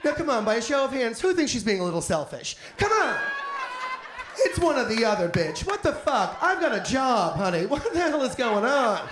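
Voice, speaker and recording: A man's voice: very high-pitched, big pitch swings, normal speed, a crowd in the background. A man doing a brash, profane stand-up set, campy and theatrical, slipping into put-on voices. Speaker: stand-up comedian. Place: comedy club stage. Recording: echoey club with audience noise. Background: audience laughter.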